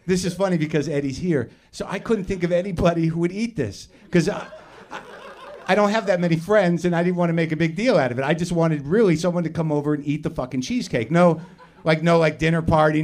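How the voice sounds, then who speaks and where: A man with a slightly higher-than-usual voice rambles through a self-deprecating stand-up story, swearing freely and restarting his sentences. He is on a live comedy theater stage, talking into a stage microphone. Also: a little fast, darkish tone. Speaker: podcast host doing stand-up.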